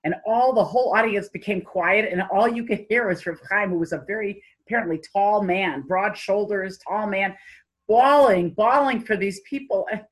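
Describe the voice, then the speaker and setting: A woman's voice: mid-range voice, normal speed, few pauses, slightly rough, low-quality recording. A woman giving an informal Torah lecture, telling stories in a conversational way with many fillers and restarts. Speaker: Torah class teacher.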